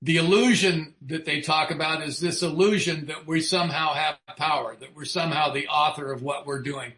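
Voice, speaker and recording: A man's voice: on the high side, fairly even intonation, normal speed, bright, forceful tone, echoey room. A man speaking frankly about recovery, swearing freely and asking his listeners rhetorical questions. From United States. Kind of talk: recovery talk.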